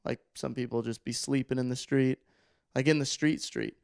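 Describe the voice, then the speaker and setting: A man on a podcast telling a story in a loose, animated way, full of filler words. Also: medium pitch, normal speed, creaky, no room sound, clean studio sound. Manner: animated, rambling, heavy use of filler words. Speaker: podcast guest. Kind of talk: casual storytelling.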